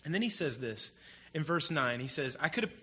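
A man preaching a sermon in a casual, storytelling way, with animated emphasis. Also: mid-range voice, moderate pace. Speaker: pastor. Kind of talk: conversational sermon.

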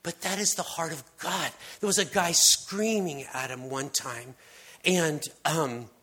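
Husky-voiced man preaching casually. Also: fairly high pitch, measured pace. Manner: casual, storytelling delivery with frequent restarts and dropped-to-hushed emphasis. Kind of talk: conversational sermon.

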